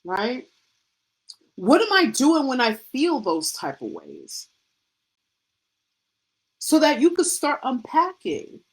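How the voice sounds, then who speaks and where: A woman's voice: high voice, wildly swooping pitch, slow, pauses often, rough recording. A middle-aged woman and faith coach giving a devotional pep talk, full of rhetorical questions and punchy repetition, with casual vernacular slang.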